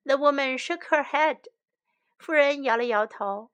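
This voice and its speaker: A woman reading a children's story bilingually, line by line, in a clear and gentle way. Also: sits high, measured pace.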